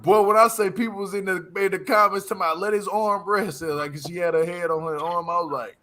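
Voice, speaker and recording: High-voiced, animated male show host. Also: fast talker. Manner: animated, slangy, often laughs. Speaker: host of a reality TV review channel. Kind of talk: casual live-stream chat.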